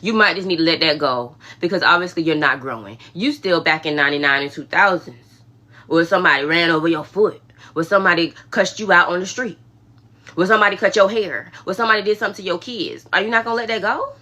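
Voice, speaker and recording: Female livestream host, casual faith talk, low pitch, bright sharp tone. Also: fast talker. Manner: emphatic, conversational, preachy asides.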